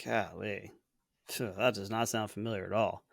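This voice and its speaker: A man's voice: lowish voice, fairly even intonation, normal speed, creaky, dry recording, clean studio sound. A man co-hosting a podcast, guessing movie quotes, thinking aloud, hesitant, laughing easily. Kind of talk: casual podcast chat.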